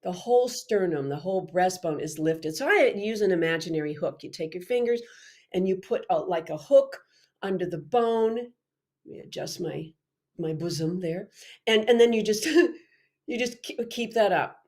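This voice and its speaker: A woman teaching singing technique in a live online workshop, chatty and animated with frequent restarts. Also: on the low side, moderate pace.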